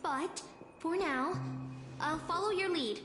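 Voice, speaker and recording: A cool, calculating woman warrior from a video game speaks slowly in a high voice. Reverb rings around her lines, and music plays clearly behind.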